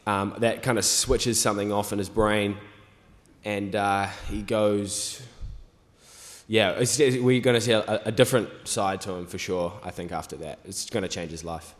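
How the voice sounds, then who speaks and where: A young man, an actor guest, answering fan questions on a convention panel in a relaxed, rambling way full of fillers. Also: lowish voice, normal speed. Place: large convention hall stage. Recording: reverberant convention hall.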